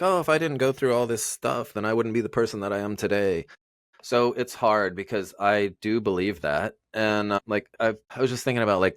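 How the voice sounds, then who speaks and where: A man with a lowish voice talks in a relaxed interview. He rambles earnestly, circling back with fillers and restarts. The sound is close and dry, with no room around it. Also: no room sound. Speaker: guest. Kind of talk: casual interview chat.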